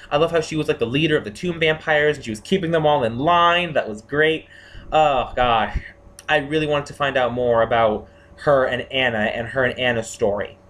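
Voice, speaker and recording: Excitable male reviewer, gushing casual chat, slightly higher voice, faint background hiss. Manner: excitable and gushing, many fillers and restarts. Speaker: TV series reviewer.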